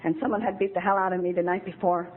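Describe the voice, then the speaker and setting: A woman's voice: on the low side, little pitch movement, rapid-fire. A woman in her fifties giving a candid, emotional recovery talk at a meeting. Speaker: AA speaker. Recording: tinny phone-like old tape with faint hiss.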